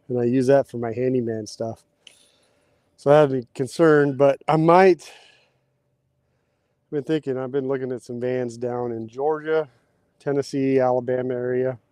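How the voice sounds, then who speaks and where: A man's voice: mid-range voice, mellow, clear, resonant tone, no room sound. A man, hosting a casual outdoor livestream and chatting with viewers while he works. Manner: chatty, reads out viewer comments. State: out of breath at times. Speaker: livestream host. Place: outdoors, digging post holes.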